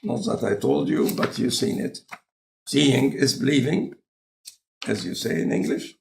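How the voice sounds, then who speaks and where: A man with an Egyptian accent and a non-native speaker of English, talking in a relaxed, conversational lecture style with deliberate, halting phrasing. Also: mid-range voice, vocal fry. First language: Arabic. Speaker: scientist in conversation.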